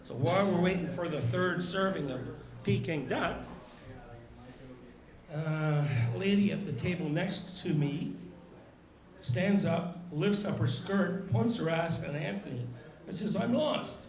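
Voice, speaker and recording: A man doing a live stand-up set, telling a long joke story with a deadpan delivery and pauses. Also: fairly high pitch. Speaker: stand-up comedian. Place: live comedy show before an audience. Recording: echoey room with live crowd.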